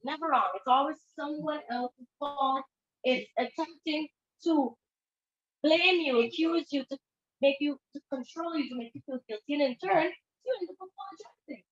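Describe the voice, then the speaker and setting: A woman's voice: sits high, moderate pace. A woman, a therapist giving an informal conference talk in a conversational way, acting out quoted lines as she goes. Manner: conversational, acts out quoted dialogue with shifting voices. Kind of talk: informal lecture presentation. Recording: echoey room, dull lo-fi sound.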